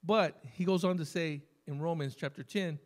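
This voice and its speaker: At a church service, a male pastor with a slightly higher voice delivers a chatty, story-driven sermon, stressing words slowly and emphatically.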